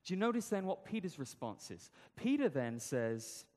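A man's voice: high voice, big pitch swings, normal speed, a little mellow, long reverb tail. A man preaching a sermon, telling the story conversationally with rhetorical questions.

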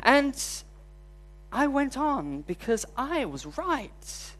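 A man's voice: very high voice, sing-song, very slow, fairly bright tone. A man preaching a sermon, telling a personal story in a candid, self-deprecating way. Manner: storytelling, voice rising when recounting frustration.

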